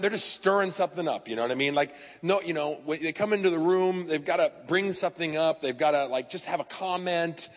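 A man preaching a sermon with a voice pitched a little above the usual for a man. He tells stories in a conversational way and talks straight to the congregation. His voice carries a long reverb, like the sound of a church sanctuary. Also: fairly bright tone. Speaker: pastor.

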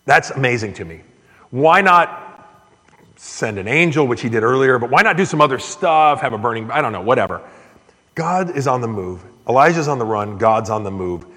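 A man preaching a sermon as pastor, earnest, his voice rising and growing louder when he stresses a point. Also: lively intonation, moderate pace. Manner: earnest, surges louder and higher on key points. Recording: echoey hall with long reverb.

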